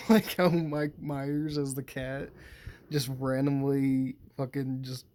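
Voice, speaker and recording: A man's voice: medium pitch, flat delivery, slow pace, mellow, a little hiss or hum. A man casually recapping a movie, swearing constantly, meandering through his thoughts and laughing often. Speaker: movie commentator.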